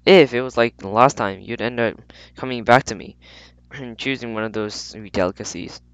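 A man reading a storybook aloud with halting restarts and frequent throat clearing. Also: mid-range voice, no room sound, highs cut off. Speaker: audiobook reader. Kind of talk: amateur audiobook narration.

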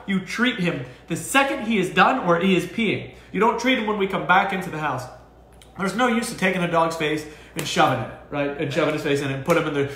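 A man giving casual dog training advice as a co-host, talking in an animated way. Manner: animated, jumps into high acted voices for owners. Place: dog boarding facility room. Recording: echoey room.

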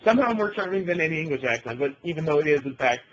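A man's voice: a little high, expressive, very fast, lo-fi sound, slight background noise. A young man co-hosting a casual podcast chat from a bedroom, bantering and laughing often. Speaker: podcast co-host.

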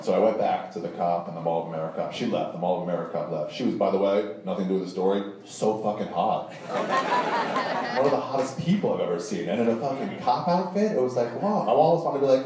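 A man's voice: brisk, very echoey. Man telling a rambling story on stage. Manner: rambling, animated, acts out the other people in the story. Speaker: stand-up storyteller. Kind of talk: live storytelling set. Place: comedy club stage before a laughing audience. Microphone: handheld stage mic, recorded from the crowd. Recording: boomy live room taped from far off, audible noise. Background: audience laughter.

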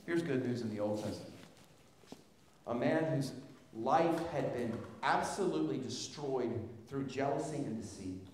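A man preaching a sermon with passion, his voice rising to loud peaks as he reads scripture. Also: medium pitch, animated, measured pace, slight background noise. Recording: echoey hall, from a distance.

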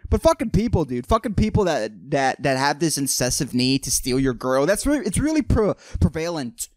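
A man's voice: a little high, very animated, a little fast, dry recording. A young man hosting a solo podcast, ranting in a rambling, mocking, profane way and saying "dude" constantly. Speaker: podcast host.

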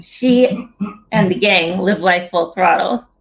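A woman's voice: fairly low pitch, takes it slowly, creaky. A woman in her thirties reads a picture book to young children over a video call. She keeps it playful and sing-song, asking the kids questions and cheering them on as she goes. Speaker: children's book author reading aloud. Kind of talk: story hour read-aloud for children.

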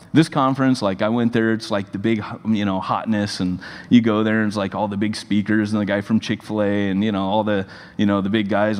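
A pastor telling stories in a sermon, animated and rambling with many fillers. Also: male voice, on the low side, big-room sound. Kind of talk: sermon storytelling. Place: church hall.

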